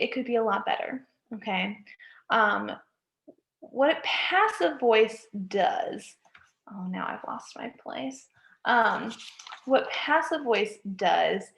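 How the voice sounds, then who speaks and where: A woman's voice: on the high side, gravelly, a bit bright. A woman, a college writing instructor, giving a recorded lecture, often checking in with "okay?" and correcting herself mid-sentence. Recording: echoey room.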